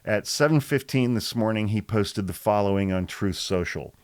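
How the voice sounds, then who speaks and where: A man hosting a podcast of political commentary, reading out quotes and flatly calling them false with sarcastic exasperation. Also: lowish voice, normal speed, no room sound. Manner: sarcastic, exasperated, deadpan rebuttals.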